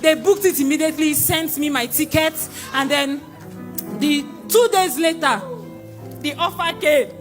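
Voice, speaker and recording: Nigerian woman, high voice, bright and sharp, exclaiming church testimony, faint music behind. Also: moderate pace, some chatter behind. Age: young adult. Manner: exclamatory, repeats phrases, laughs and shouts.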